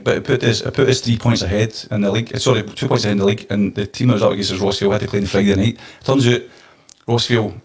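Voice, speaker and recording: A Scottish man, a former football manager, telling an animated story on a podcast. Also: fairly low pitch, husky. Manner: animated anecdote-telling, gets emotional.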